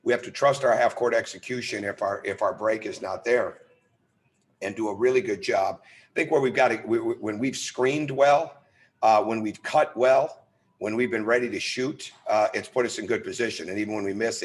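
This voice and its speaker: Earnest coach on a video call. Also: male voice, on the low side, brisk. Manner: earnest, emphatic, repeats words when restarting. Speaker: head basketball coach. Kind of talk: press conference answers.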